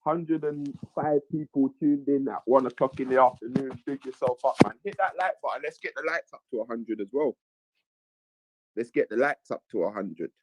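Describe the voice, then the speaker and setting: A man's voice: mid-range voice, moderate pace. Man chatting on a live stream. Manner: reads chat messages aloud, repeats lines, chatty. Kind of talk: casual live-stream chat.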